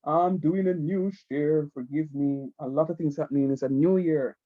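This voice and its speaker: A man's voice: fairly high pitch, steady tone, normal speed, phone-quality sound. A man, teaching math in an online class, repeating himself and coaxing students to watch. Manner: repetitive, coaxing, keeps saying "watch me".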